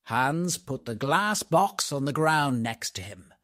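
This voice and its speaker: A man narrating a storybook for English learners, reading slowly, clearly and expressively. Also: medium pitch, very animated, a bit bright, no room sound, clean studio sound.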